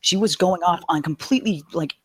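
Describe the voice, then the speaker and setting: A man calling in to a live show, talking fast and emphatically with frustration and profanity. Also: high voice, breathy edge, no echo. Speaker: caller. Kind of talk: heated call-in rant.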